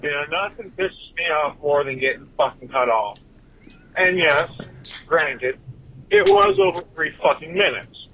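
A man's voice: on the high side, very animated, unhurried, sharp tone, breathy edge, poor audio. A man giving a profane, rambling rant as a listener's recorded message to a podcast, swearing constantly and drifting from point to point.

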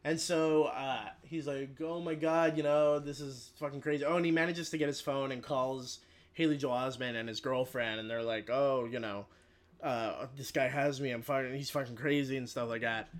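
A man's voice: mid-range voice, steady tone. A man casually retelling a film plot in a rambling, profane way, briefly voicing the characters as he goes. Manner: rambling, profane, quick quoted voices for characters.

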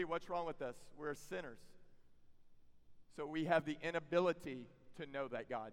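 A man preaching a sermon to a youth camp crowd, moving from quiet teaching to loud, emphatic preaching with folksy asides. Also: high voice. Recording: long reverb of a large hall.

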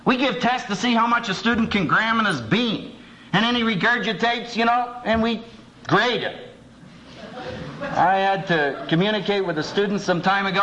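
A man's voice: high-pitched, normal speed. A man, a seminary professor, lecturing with humor and acting out voices, recorded on an old cassette tape. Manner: humorous, animated, acts out voices. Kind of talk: lively lecture with acted quotes. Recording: dull old cassette tape with faint hiss.

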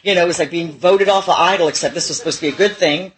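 A lowish voice delivers a rapid-fire personal testimony at a recovery meeting, where a middle-aged woman pokes fun at herself candidly and laughs often. It's a low-quality recording.

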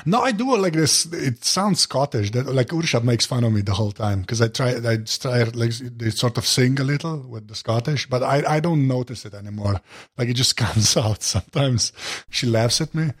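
A man's voice: mid-range voice, normal speed. A man from Slovenia with a Slovenian accent, co-hosting a casual podcast chat, often laughing and restarting his sentences. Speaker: podcast co-host.

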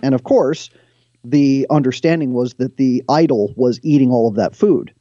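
A man who is a guest on the show, retelling stories from scripture in an animated way and reading passages aloud. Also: medium pitch, normal speed, no room sound, lo-fi sound.

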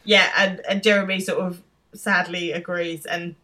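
Low-pitched woman, chatty co-host. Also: level tone, moderate pace, sharp tone. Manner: chatty, laughing, lots of ums and yeahs. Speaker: podcast co-host. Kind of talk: casual chat recapping a TV episode.

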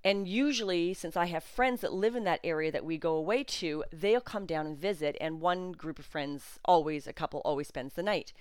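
A woman's voice: lowish voice, moderate pace, few pauses, smooth, no room sound, studio quality. A middle-aged woman hosting a podcast, telling a personal story in an emotional, chatty way with frequent fillers. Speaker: podcast host.

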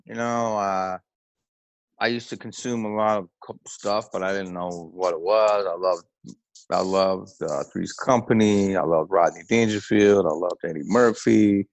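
Male comedian guest, lowish voice, dry close sound, loose rambling storyteller. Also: fairly even intonation, unhurried, dry recording, low-quality recording. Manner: loose, rambling storyteller who acts out quotes. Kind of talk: casual interview talk.

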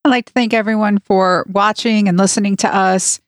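A woman's voice: medium pitch, steady tone, normal speed, dry recording, studio quality. A woman co-hosting a casual podcast with a wry, amused manner. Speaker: podcast co-host.

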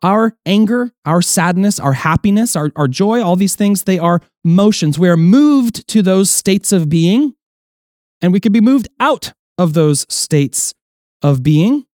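A man's voice: high voice, lively intonation, a little slow, darkish tone, no room sound, clean studio sound. A man preaching a sermon as pastor, explaining earnestly, with restarts, and acting out quoted voices.

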